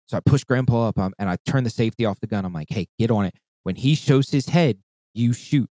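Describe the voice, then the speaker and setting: A man with a mid-range voice talks briskly, and the recording has no room sound. He's casually telling a long hunting story, swearing often and getting animated as he acts out calls and voices.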